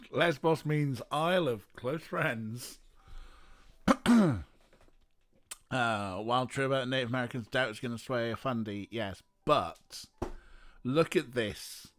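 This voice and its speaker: A man talks over a story game he is playing live, making dry, joking comments. He speaks slowly at a mid pitch and often clears his throat between remarks. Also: lively intonation. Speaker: streamer playing a visual novel. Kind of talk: casual live-stream commentary.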